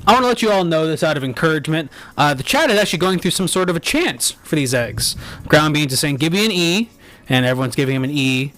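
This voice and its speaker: A man's voice: fairly high pitch, fast, fairly bright tone. A man hosting a comedy live stream, bantering in a mock-earnest, theatrical way. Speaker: host.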